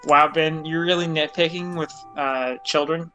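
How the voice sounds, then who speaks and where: A man with a slightly high, bright voice joins in the chatter at a game table. He teases the others with a dry edge. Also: fairly even intonation, moderate pace, soft background music. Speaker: player. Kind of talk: casual chat at a game table.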